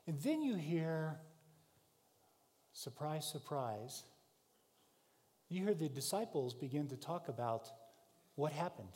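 A man delivers a sermon as a vivid story told to the listener, swinging between raised, shouted passages and quiet, hushed ones. His voice sits a little high with a mellow, dark tone. The sound carries the long reverb of a large hall. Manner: vivid second-person storytelling, shifting from shouts to hushed tones. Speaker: preacher.

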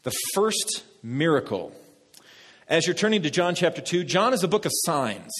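A male pastor preaching a sermon, lively, talking directly to the congregation. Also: fairly high pitch, normal speed. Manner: lively, talks to the congregation, laughs at own jokes. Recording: long reverb of a hall.

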